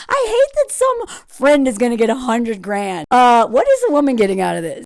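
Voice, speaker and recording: Sarcastic woman with a lively, bouncing voice. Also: on the high side, moderate pace, creaky, dry recording, clean studio sound. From United States. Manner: sarcastic, riled-up, emphatic. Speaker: dating commentator. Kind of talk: opinionated commentary vlog.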